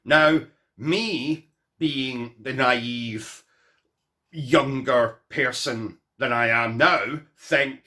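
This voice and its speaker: A man's voice: medium pitch, extremely slow, bright, forceful tone. A man vlogging, telling a comic personal story to camera in a rambling, self-mocking way full of asides.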